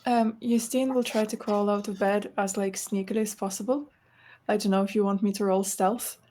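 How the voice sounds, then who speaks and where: A woman's voice: mid-range voice, fairly even intonation, normal speed, mellow, a little hiss or hum. A woman playing her character in a tabletop game, chatty and giggly. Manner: chatty, giggly, lots of fillers. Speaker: player. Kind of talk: casual tabletop play.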